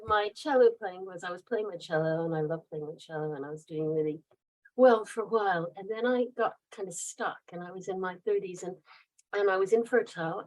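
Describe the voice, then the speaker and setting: A woman's voice: mid-range voice, low-quality recording. Chatty mid-Atlantic woman in her fifties. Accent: mid-Atlantic, between American and British. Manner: chatty, rambling, laughs often. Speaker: guest author. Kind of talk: casual interview storytelling.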